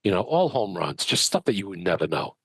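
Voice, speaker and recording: A man with a lowish voice tells stories in an animated, chatty way. He often starts a phrase over as he goes. The recording is dry and close, with no room echo. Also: brisk, slightly rough. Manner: animated, chatty anecdote-telling with many restarts. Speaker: medium, guest. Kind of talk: conversational storytelling.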